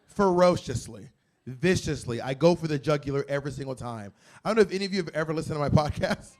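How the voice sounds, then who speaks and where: Hey ur a man doing brash stand-up, blunt and boastful, kinda high voice. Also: animated, quick pace. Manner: brash, boastful and blunt, with sudden loud jumps. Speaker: stand-up comedian. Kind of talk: stand-up comedy with audience Q&A. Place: comedy club in San Diego.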